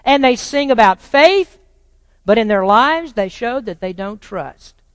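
A pastor preaching a sermon to a congregation, swinging between loud proclaiming and quiet, probing rhetorical questions. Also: mid-range voice, expressive, unhurried, clear, resonant tone. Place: church sanctuary with a congregation. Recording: long reverb of a large church hall.

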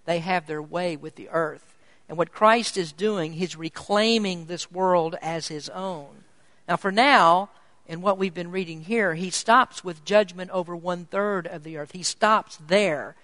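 A man's voice: high voice, measured pace, sharp tone, no room sound. A man preaching an evening sermon with emphatic, urgent delivery. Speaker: pastor.

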